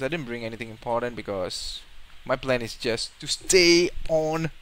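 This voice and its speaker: A man giving live gameplay commentary, nervous and excitable, often exclaiming and coaxing his creature along. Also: medium pitch, clear, resonant tone. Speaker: gameplay streamer.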